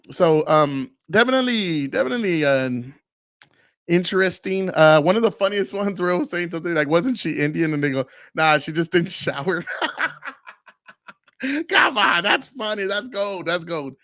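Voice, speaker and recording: A man's voice: sits high, lively intonation, a little slow, long pauses, fairly bright tone, no room sound, studio quality. A man in his forties hosting a casual solo podcast, rambling and swearing freely between fillers, with a lingering cough. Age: 40s. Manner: loose, profane, rambling with many fillers. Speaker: podcast host.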